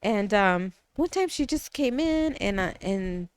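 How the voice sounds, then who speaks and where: Smooth-voiced woman telling stories, laughing often. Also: mid-range voice, lively intonation, unhurried, no echo. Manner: chatty storyteller, laughs often, slips into Spanish phrases. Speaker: guest artist and business owner. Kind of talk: casual podcast interview.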